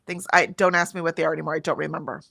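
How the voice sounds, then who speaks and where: Gravelly, low-voiced American woman chatting. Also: little pitch movement, rapid-fire, fairly bright tone, dry recording. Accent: General American. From United States. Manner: chatty, reads chat comments aloud, frequent ums. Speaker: livestream co-host. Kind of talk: casual chat.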